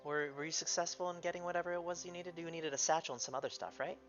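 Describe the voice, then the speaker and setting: A man playing his character in a tabletop game, polite and measured. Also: fairly high pitch, steady tone, fairly bright tone, faint music behind. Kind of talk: in-character tabletop role-play. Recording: dull lo-fi mic.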